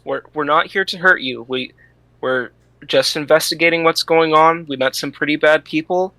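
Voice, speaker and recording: A man's voice: on the high side, normal speed, sharp tone, no room sound, poor audio. A man playing a tabletop game who speaks earnestly and a little hesitantly, often repeating words. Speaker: player. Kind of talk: tabletop role-play.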